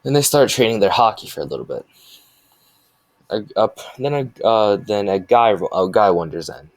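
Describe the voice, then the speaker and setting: A man with a very low, deep voice improvises a fan story as he goes. He rambles, restarts his sentences, and fills gaps with "uh." The sound is dry and close, with no room echo. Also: animated, moderate pace. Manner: rambling, with many restarts and fillers.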